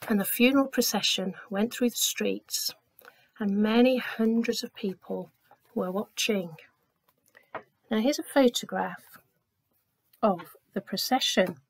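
A woman giving a gentle storytelling talk to children in a church, acting out the voices in her story. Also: mid-range voice, measured pace, long pauses. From England. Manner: gentle, clear storyteller, acts out quoted voices.

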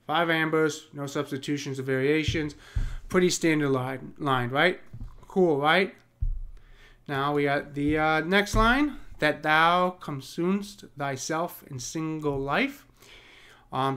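Slow, clear-voiced man teaching poetry. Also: on the high side, a bit bright. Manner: loose and chatty, many ums and "cool, right?"; slow, deliberate reading of verse. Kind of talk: casual screen-share lesson with poem reading.

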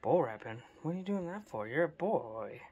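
A man's voice: on the high side, big pitch swings, moderate pace, dark tone, highs cut off, a little hiss or hum. A man chatting casually and fondly to his pet snakes at home while cleaning their tubs, in a playful sing-song. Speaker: snake keeper vlogger.

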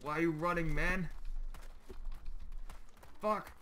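A man playing a survival game online, taunting and chasing other players while commenting in gleeful, shouted bursts. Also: on the high side, fairly even intonation, slow pace. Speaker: gameplay video creator. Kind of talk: trolling gameplay commentary.

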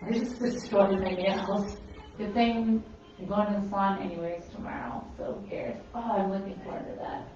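Speaking at a normal pace with fairly even intonation, a Minnesotan pet portrait artist chats across a roomy studio as she paints. Her medium-pitched voice has a dark tone, and she rambles chattily, laughing at herself. The recording is distant and slightly dull, with slight background noise.

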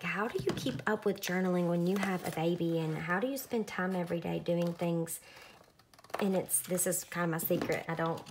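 Young woman chatting thru a crafting vid, kinda low voice, lots of ums, faint clicks in the background. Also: slight background noise. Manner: chatty, relaxed, lots of fillers. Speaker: craft vlogger. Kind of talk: casual narrated craft tutorial.

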